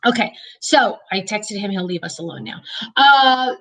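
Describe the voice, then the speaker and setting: A woman's voice: mid-range voice, lively intonation, normal speed, fairly bright tone, recorded from a distance, low-quality recording. A middle-aged woman chatting casually in a personal vlog, rambling through stories and talking to her dog. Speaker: vlogger.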